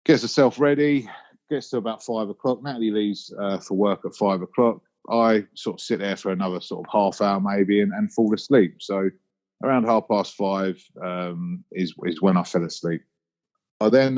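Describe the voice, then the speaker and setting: A man's voice: deep voice, a little mellow, highs cut off. A man with a Cockney London accent, hosting a solo podcast and telling personal stories in a reflective way. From London, England. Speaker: podcast host. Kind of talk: casual solo podcast monologue.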